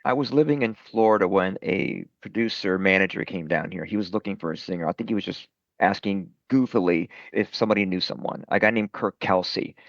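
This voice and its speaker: A middle-aged man with a low, gravelly voice talks about his singing career in a loose, rambling way, often putting himself down. The sound is dull and lo-fi, with no room echo. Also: a little fast. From Brooklyn, New York. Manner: rambling, self-deprecating, many fillers. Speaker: rock singer, guest. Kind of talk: casual interview chat.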